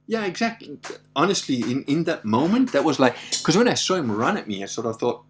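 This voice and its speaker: A man's voice: medium pitch, normal speed, soft background music. A middle-aged man casually telling a story, acting out the voices of the people in it, laughing often and swearing now and then. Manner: animated, acts out voices in his anecdotes, laughs often, swears. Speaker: podcast host.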